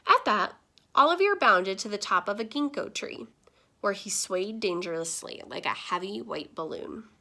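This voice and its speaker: Speaking at an ordinary pace in a mid-range voice, a woman gives an animated, expressive reading of a children's picture book.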